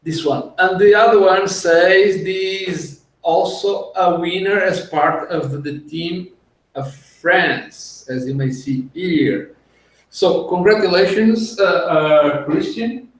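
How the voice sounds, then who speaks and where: A man hosting a casual tech podcast over a video call, talking in an unhurried, explanatory way and laughing easily. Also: high voice. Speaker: podcast host. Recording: echoey room, far from the mic.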